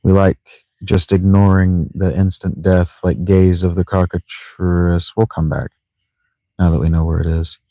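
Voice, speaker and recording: A man's voice: low voice, level tone, measured pace, dark tone, dry recording. A man giving casual, rambling gameplay commentary from a sleeping bag in a tent, joking to himself and mispronouncing words on purpose. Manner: rambling, joking self-talk with playful mispronunciations. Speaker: let's play streamer.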